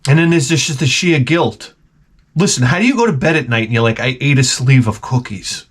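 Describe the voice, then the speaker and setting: A middle-aged man rants in a rambling, profane, animated way, full of restarts. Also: medium pitch, brisk, slightly rough. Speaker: vlogger. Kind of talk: profane comic rant.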